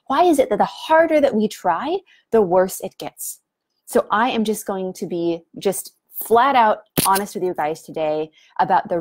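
A woman's voice: mid-range voice, a little mellow, dry recording. A young woman speaking as a lifestyle coach in a live-streamed talk, earnest and direct, often acting out inner thoughts.

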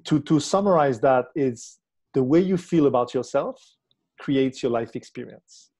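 His mid-range voice is animated yet dark in tone, and he speaks a little slowly. The man, a relationship coach, reflectively explains his ideas in an interview, checking in with the listener through tag questions.

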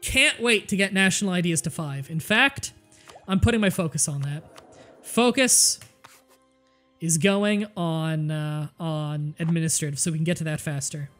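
A woman's voice: sits low, normal speed, a bit bright. A woman streaming a strategy game, joking, swearing freely and thinking aloud, with faint music behind. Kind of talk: casual gameplay livestream commentary.

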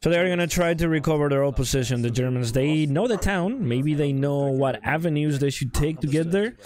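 This man comments casually on a game match for a stream, greeting viewers and cracking jokes. His voice is a little high and slightly mellow, and he talks briskly.

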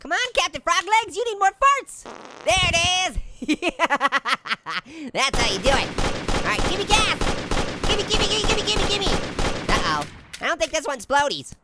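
A man's voice: very high voice, sing-song, measured pace, heavy background noise, exaggerated voice. A man voicing a cheeky, hyper male talking orange who giggles and wisecracks through comedic game commentary. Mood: goofy. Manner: giggly, wisecracking, constant laughing. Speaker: gameplay commentator.

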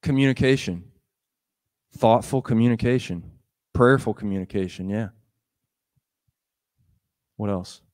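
A man's voice: fairly low pitch, a little slow, pauses often. A man giving a sermon in a conversational style, retelling a gospel story and acting out its dialogue in voices. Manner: animated, acts out the dialogue in voices; conversational, with fillers and laughs. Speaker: pastor.

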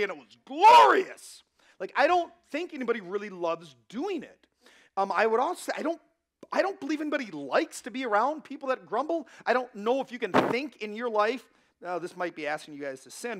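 Male pastor, thirties, sermon, conversational, slightly high voice, frequent asides. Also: fairly bright tone. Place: church.

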